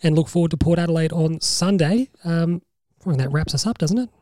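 An Australian man with a slightly high voice, hosting a podcast over a call. He talks in a lively, casual way, laughing often and cursing. The sound is dry and close. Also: brisk, no room sound. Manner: animated, swearing, laughs a lot. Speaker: podcast host. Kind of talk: casual chat. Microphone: video call.

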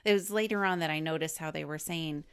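A woman co-hosting a film podcast in casual chat, laughing often and chiming in with quick remarks. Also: low-pitched, clean tone. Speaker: podcast co-host.

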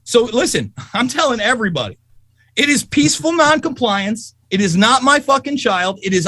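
A man telling stories in a heated, profane political rant, loudly and emphatically angry. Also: extremely high pitch, dry recording. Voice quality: profane, fast and animated.

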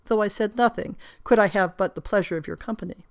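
A woman's voice: mid-range voice, fast, no echo, clean studio sound, natural voice. A woman reading aloud the lines of an ardent, devoted young French noblewoman in formal, earnest 18th-century prose. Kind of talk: reading a period novel aloud.

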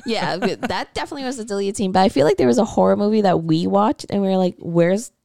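A woman's voice: mid-range voice, lively intonation, rapid-fire, vocal fry, dark tone. A woman in casual film chat with co-hosts, rambling, laughing often and swearing offhand. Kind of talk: casual chat about films.

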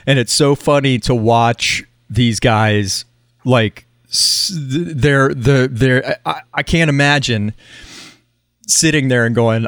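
A man co-hosting a casual podcast, telling stories in a rambling, halting way with many restarts. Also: mid-range voice, fairly bright tone, dry recording, clean studio sound. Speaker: podcast co-host. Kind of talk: casual chat.

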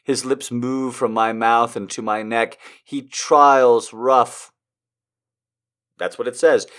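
Slow and medium-pitched, with long pauses, a man reads an erotic story aloud for laughs. His mock-dramatic delivery veers from whispers to shrieks, interrupted by frequent laughing, swearing asides.

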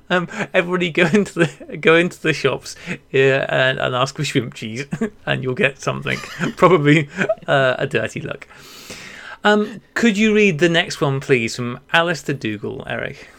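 Man, podcast host, gravelly, higher voice, giggly, reads listener emails. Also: expressive, moderate pace, a bit bright. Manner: giggly, laughs through mispronunciations. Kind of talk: casual chat reading listener emails.

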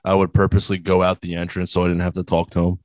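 A young man on a podcast with friends in casual chat, cracking deadpan jokes and stumbling over restarts. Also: low-pitched, fast, no room sound, clean studio sound. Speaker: podcast regular.

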